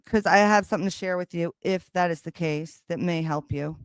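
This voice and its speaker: A woman hosting a livestream, chatting casually with viewers in a loud, animated way and swearing freely, recorded on a streaming microphone. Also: fairly low pitch, fairly quick, clear, resonant tone, dry recording. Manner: loud and animated when excited. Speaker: livestream host.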